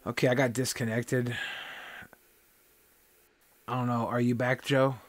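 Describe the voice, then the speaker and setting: A man's voice: mid-range voice, little pitch movement, no room sound, soft background music. A man with a mid-range voice jokes and teases his co-host during a live stream. His desktop mic gives a dry, close sound with no room. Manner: teasing, quick reactions. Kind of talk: casual banter.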